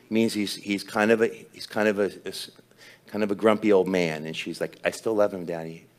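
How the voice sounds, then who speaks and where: Low-voiced man telling a sermon story. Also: brisk, a little mellow. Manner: storytelling, humorous, self-deprecating. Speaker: pastor.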